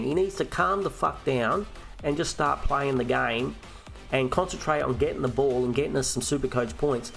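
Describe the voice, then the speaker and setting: A man's voice: fairly high pitch, moderate pace, gravelly, faint music behind. An Australian man hosting a fantasy football live stream, chatting casually and ranting and swearing, with frequent restarts.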